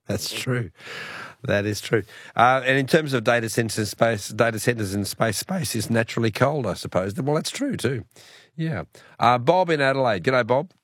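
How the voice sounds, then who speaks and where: A man's voice: medium pitch, normal speed, a bit bright, no echo. A middle-aged Australian man hosting talkback radio in a studio, chatty, affable and musing. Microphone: studio mic.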